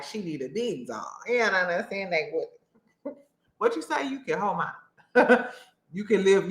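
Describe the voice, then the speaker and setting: A woman's voice: mid-range voice, bright, forceful tone. A woman hosting a casual reality show recap, blunt and profane, full of slang and asides to viewers. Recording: echoey room.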